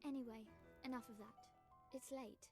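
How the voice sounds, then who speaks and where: An actress voicing a gentle young woman in a game cutscene, speaking softly and wonderingly. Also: fairly high pitch, fairly even intonation, normal speed, soft background music, lightly acted. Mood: brisk. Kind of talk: voiced game cutscene dialogue.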